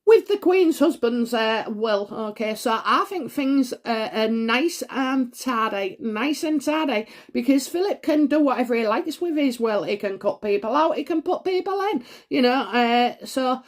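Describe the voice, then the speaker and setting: Woman in her 40s doing a tarot reading, bit higher voice, rambly and hesitant, lots of ums and gasps. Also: expressive, a little slow, few pauses. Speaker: tarot reader. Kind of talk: solo tarot reading vlog.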